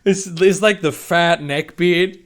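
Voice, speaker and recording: A man's voice: sits high, fairly even intonation, slow. A man doing a mocking comedic reading of fan fiction, breaking off for sarcastic, incredulous asides. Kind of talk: mocking dramatic reading with commentary.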